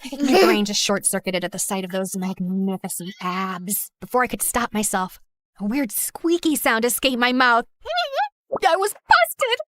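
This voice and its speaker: A woman's voice: mid-range voice, moderate pace, a bit bright, dry recording, clean studio sound. A young woman narrating her own story in the first person, dramatic and sassy, jumping between asides and exclamations. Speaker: narrator and lead character.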